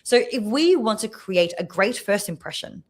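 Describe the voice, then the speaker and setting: A woman speaking coach, a podcast guest on a video call, explaining clearly and showing examples with her voice. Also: medium pitch, moderate pace. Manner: expressive, demonstrates voices while teaching.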